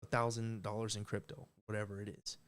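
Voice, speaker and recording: A man's voice: on the low side, level tone, fairly quick. A man talking live on a stream, rambling and emphatic, swearing often and restarting his sentences. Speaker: livestream host. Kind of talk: unscripted live stream rant.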